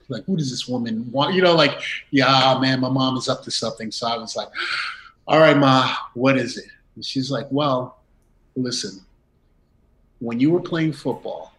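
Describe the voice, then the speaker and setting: Animated middle-aged man telling a story. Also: medium pitch, poor audio. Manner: animated, acts out quoted dialogue with laughs. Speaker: interview guest. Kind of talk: personal storytelling in conversation.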